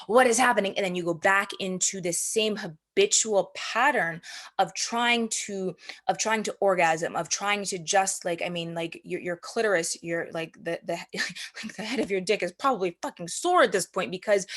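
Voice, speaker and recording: Animated woman coaching, swearing freely. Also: mid-range voice. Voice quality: frequent swearing and fillers. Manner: animated, acts out inner voices. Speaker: spiritual coach. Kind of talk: casual monologue.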